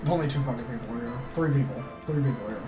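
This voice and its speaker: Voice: mid-range voice, fast talker. A livestream host giving casual, profane, joking commentary while playing a game, laughing often. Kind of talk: casual let's-play commentary. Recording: roomy mic with game music behind.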